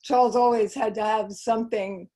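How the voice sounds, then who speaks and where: A middle-aged woman giving a gentle, conversational presentation on a video call. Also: fairly high pitch, steady tone, moderate pace. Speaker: guest speaker. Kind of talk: online presentation.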